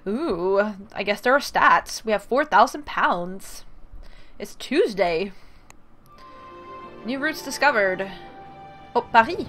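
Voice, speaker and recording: A woman's voice: medium pitch, expressive, slow, pauses often, a bit bright. A woman hosting a casual game playthrough and reading story text aloud, hesitant and self-deprecating with many fillers. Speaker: gaming video host.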